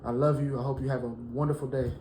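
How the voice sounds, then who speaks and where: A man teaching a Bible lesson, reading verses slowly and then preaching with rising fervor. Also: mid-range voice, little pitch movement, mellow, reverberant, slight background noise, low-quality recording.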